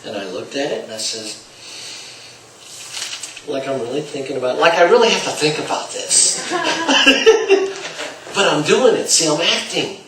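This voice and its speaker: A man's voice: a little high, sing-song, unhurried, long pauses, noisy background. Man lecturing salespeople in a roomy space. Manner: acts out dialogue with shifting volume. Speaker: sales trainer. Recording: roomy, distant mic, faint ambience.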